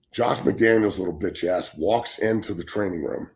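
A man in his forties, a former football player and show guest, ranting bluntly and with heavy swearing, often restarting his words. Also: deep voice. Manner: blunt, heated and heavily profane; repeats words when starting sentences. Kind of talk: casual sports talk show rant.

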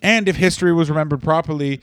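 A man's voice: a little high, fast talker, fairly bright tone, no room sound. Man, podcast co-host, sardonic rambling rants, lots of swearing, dry studio sound. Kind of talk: casual comedic chat.

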